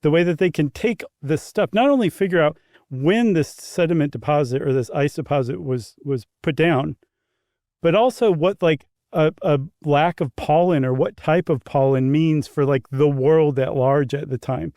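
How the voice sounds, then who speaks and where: A man's voice: fairly high pitch, moderate pace, warm tone, dry recording, clean studio sound. A man co-hosting a casual podcast, explaining things in an easygoing, chuckling way with loose asides. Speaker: podcast co-host. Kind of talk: casual conversational podcast chat.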